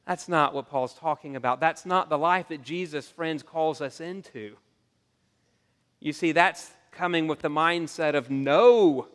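Earnest preacher in a reverberant hall. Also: male voice, on the high side, measured pace, clear, resonant tone. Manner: earnest, animated storytelling with frequent restarts. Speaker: pastor. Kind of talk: sermon. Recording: long reverb of a large hall.

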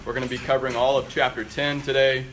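A man with a weak voice leading a Bible study, talking through the text in a relaxed, conversational way. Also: medium pitch, quick pace, a little hiss or hum. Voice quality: conversational, self-deprecating. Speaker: Bible teacher. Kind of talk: sermon-style Bible teaching.

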